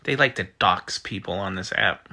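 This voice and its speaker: A man's voice: low-pitched, normal speed, pushed and bright. A man from the United States hosting a casual livestream, chatting loosely and reading out viewer comments and usernames as they arrive. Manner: chatty, reads out usernames and reacts. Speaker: livestream host.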